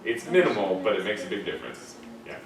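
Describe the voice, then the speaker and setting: A man's voice: lowish voice, very animated, quick pace, vocal fry, crowd noise. A man with an American accent teaching a diction class, demonstrating words and correcting students' pronunciation. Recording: echoey classroom, distant mic, background noise.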